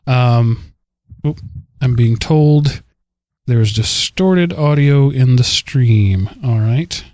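A man's voice: medium pitch, extremely slow, warm tone, dry recording. A man with a Southern US accent hosting a casual podcast, rambling and self-deprecating, talking in a stream of consciousness. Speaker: podcast host.

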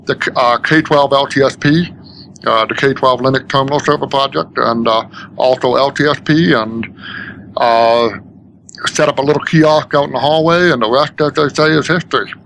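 A man's voice: medium pitch, steady tone, moderate pace, creaky, a bit bright, a little hiss or hum. Earnest man from Maine, many fillers. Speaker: guest, school technology director. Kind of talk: podcast interview.

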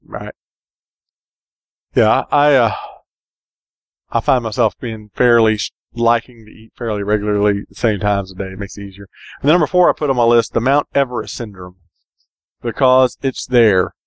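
Relaxed man, dry close sound. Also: lowish voice, normal speed, long pauses, no echo. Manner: relaxed, joking, rambling with fillers. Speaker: podcast co-host. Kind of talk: casual podcast chat.

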